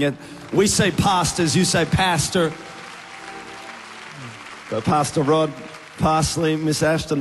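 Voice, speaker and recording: A man with an Australian accent, a youth pastor preaching and leading prayer with energy. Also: fairly high pitch. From Australia (Tasmania). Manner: energetic, rising to fervent prayer. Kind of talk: sermon with prayer. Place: large church auditorium. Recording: big church hall reverb.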